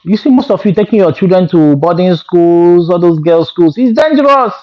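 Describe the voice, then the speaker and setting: A man telling a story in a fairly high voice, animated and exclaiming and moralizing to his viewers. The recording sounds dull and lo-fi. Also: normal speed. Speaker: vlogger. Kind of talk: storytelling monologue.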